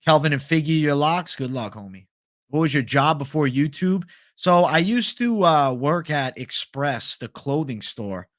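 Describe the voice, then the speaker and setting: A man's voice: on the high side, animated, unhurried, a bit bright, no echo, studio quality. A young man hosting a live stream, reading viewer comments in a laid-back, chatty, profane way. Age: young adult. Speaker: host.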